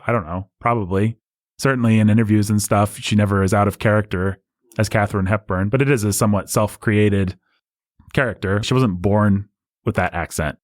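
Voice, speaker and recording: A man's voice: on the low side, dry recording, studio quality. A man co-hosting a casual film podcast, explaining at length with frequent restarts. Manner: talkative, explanatory, many restarts. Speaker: podcast co-host.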